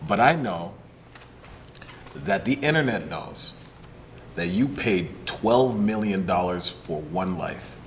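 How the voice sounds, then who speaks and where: A man's voice: sits low, expressive, slow, pauses often, slight background noise. A man co-hosting a podcast, ranting with anger and biting sarcasm, often swearing. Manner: angry, sarcastic, profane ranting. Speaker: podcast co-host. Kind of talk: heated podcast commentary.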